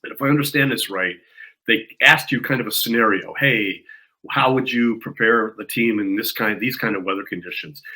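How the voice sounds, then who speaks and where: A male host leads the interview with long, searching questions full of hesitations. His voice is fairly low but bright and forceful. He sounds engaged with his guest. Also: moderate pace, poor audio. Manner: rambling, hesitant questions with fillers. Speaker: podcast host.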